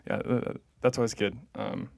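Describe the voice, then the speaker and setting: A man's voice: lowish voice, normal speed, gravelly, darkish tone. A young man hosting a parish podcast, chatting casually and hesitantly with many fillers. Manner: hesitant, lots of "um" and "like". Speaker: podcast host and parish staff. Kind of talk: casual chat.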